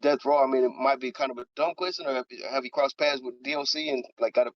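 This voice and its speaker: Fast-talking male host, distant dull mic. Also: mid-range voice, fairly even intonation, no room sound. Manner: lots of quick "yeah" and "mm" backchannels. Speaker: podcast host. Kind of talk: casual interview chat.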